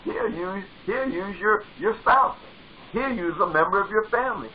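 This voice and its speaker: A man's voice: sits high, lively intonation, normal speed, lo-fi sound, a crowd in the background. A male pastor preaching a sermon with fervor, driving points home by repeating phrases. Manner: fervent, repeats phrases for emphasis.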